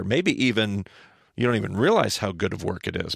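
A man hosting a podcast, teaching scripture in a casual, animated back-and-forth with his co-host. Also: on the low side, a little fast, gravelly, breathy edge, dry recording, studio quality. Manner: animated, thinks aloud, asks his co-host questions.

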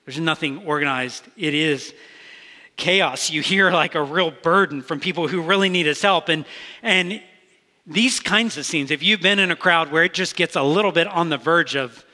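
A man's voice: fairly high pitch, normal speed, sharp tone. A man preaching a sermon as pastor, talking in an earnest, conversational way with frequent restarts. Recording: long reverb of a large hall.

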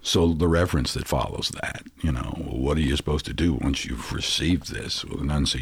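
A man's voice: very deep voice, normal speed, gravelly, hardly any pauses, slightly rough, dry recording. A man in his sixties, a guest in an interview, telling reflective personal stories in a casual, anecdotal way.

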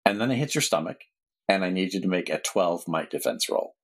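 A male game master running a tabletop game in an easygoing, casual way, laughing along with his players. His voice is very low and husky, with a soft, slightly breathy edge. He describes scenes and calls for rolls. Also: animated, a little fast. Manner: easygoing, laughs often, casual narration with fillers.

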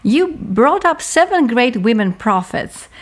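A woman interviewer asking formal, measured questions and quoting from her guest's book. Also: fairly high pitch, big pitch swings. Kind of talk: interview questions, partly read.

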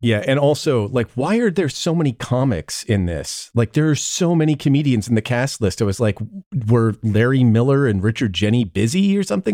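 A man's voice: mid-range voice, big pitch swings, brisk, mellow, no echo, studio quality. A man co-hosting a podcast in casual chat, sardonic with laughing asides. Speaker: podcast co-host.

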